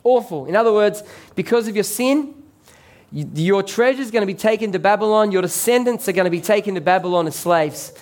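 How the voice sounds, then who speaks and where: A man's voice: sits high, brisk, a little mellow. A man preaching a sermon as pastor, conversational and joking with the congregation.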